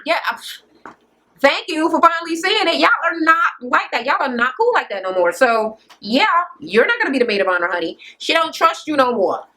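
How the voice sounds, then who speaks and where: A woman with a fairly high voice rants her way through a reality TV recap. She is blunt and sarcastic, swears freely, and laughs at her own jabs, like a casual chat with a camera. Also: a bit bright. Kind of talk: casual ranting recap commentary.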